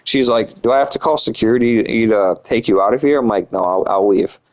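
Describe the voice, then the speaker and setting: A man's voice: on the low side, brisk, poor audio. A young man telling a story casually, rambling and swearing a lot, with many filler words. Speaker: vlogger.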